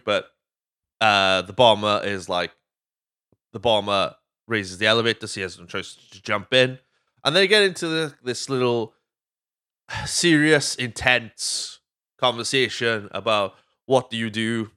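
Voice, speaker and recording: A man's voice: lowish voice, sharp tone, smooth. A Welsh man hosting a podcast, casually recapping a movie with swearing and rambling tangents. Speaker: podcast host.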